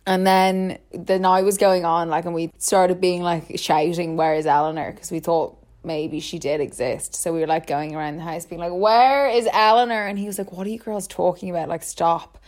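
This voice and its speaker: Speaking at normal speed with few pauses, this young woman has a lowish, steady, slightly mellow voice. She's a podcast co-host spinning a long, casual story, constantly saying "like" and laughing.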